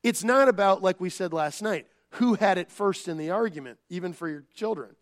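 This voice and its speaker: A man preaching a sermon as pastor, conversational and animated, acting out family arguments in quoted voices. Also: high-pitched, moderate pace, few pauses. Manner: conversational with filler words and restarts.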